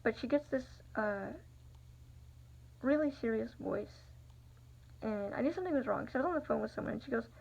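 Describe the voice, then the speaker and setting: Give me a young woman with a slightly high, gravelly voice, recounting a personal story as a vlogger. She rambles in a confiding way, leaning on fillers. The recording sounds dull and lo-fi. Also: lively intonation, brisk, pauses often, darkish tone.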